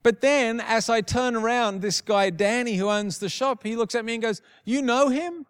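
A man's voice: very high voice, fairly even intonation, moderate pace, clear, resonant tone. A man preaching a sermon, telling stories and repeating phrases for emphasis. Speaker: pastor.

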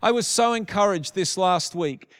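A man's voice: high-pitched, moderate pace, fairly bright tone. A man preaching a sermon, telling stories and repeating phrases for emphasis. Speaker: pastor.

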